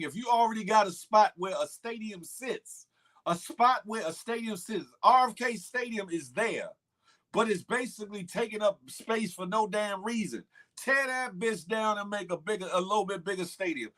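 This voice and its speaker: A man's voice: high voice, sharp tone. A man hosting a casual morning livestream, talking back to chat and repeating himself for emphasis. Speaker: morning show host reading live chat.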